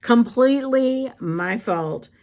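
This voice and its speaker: A woman's voice: a little high, lively intonation, slow pace, creaky, a little mellow. A woman vlogger telling candid, blunt stories in a casual chat while she does crafts.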